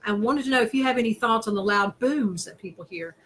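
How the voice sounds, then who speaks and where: A woman's voice: fairly high pitch, fast talker, fairly bright tone, slight background noise, low-quality recording. A woman hosting a casual interview over a video call, curious and enthusiastic, reading out listener messages. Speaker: host.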